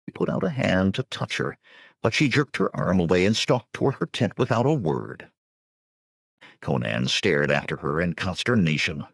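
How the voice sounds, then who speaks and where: Deep gravelly guy reading an audiobook, lots of swing in his pitch, dead dry sound. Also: animated, normal speed, no room sound. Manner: swells to loud rallying shouts for dialogue. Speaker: audiobook narrator. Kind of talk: dramatic audiobook narration with character voices. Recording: dry restored studio recording.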